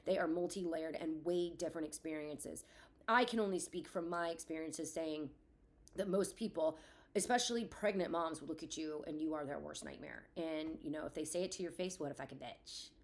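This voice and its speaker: A woman's voice: deep voice, normal speed. Woman, thirties, solo podcast host, raw and profane, ranty but reflective. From Florida. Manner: blunt and profane, swinging between rant and reflection. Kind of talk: candid solo podcast monologue.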